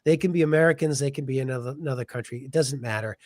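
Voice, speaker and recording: A man's voice: mid-range voice, very fast, darkish tone, no echo, clean studio sound. A man speaking as a podcast guest, giving his opinions in an emphatic, casual way.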